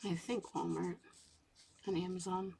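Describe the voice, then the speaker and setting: A woman in her thirties talks quietly as she colors late at night, now and then slipping into a whisper. Her voice sits low and has a husky, breathy grain with some fry. The faint scratch of a marker on paper runs underneath. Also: level tone, measured pace. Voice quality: gravelly, husky voice. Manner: soft-spoken, drifting into whispers at times. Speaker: coloring channel host. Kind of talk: relaxed late-night chat while coloring.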